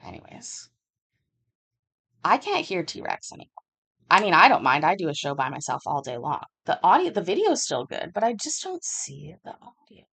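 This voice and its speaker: A woman's voice: lowish voice, big pitch swings, moderate pace, vocal fry, a bit bright, husky. Candid, swearing woman talk-show host. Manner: candid, swears freely, talks through stories with many fillers. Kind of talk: casual chat, storytelling.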